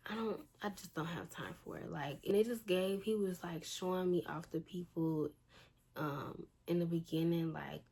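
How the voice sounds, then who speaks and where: A woman's voice: on the low side, moderate pace, vocal fry, darkish tone, breathy edge. A young woman telling a storytime in a blunt, exasperated, slangy way. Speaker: vlogger. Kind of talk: casual storytime. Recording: faint background noise.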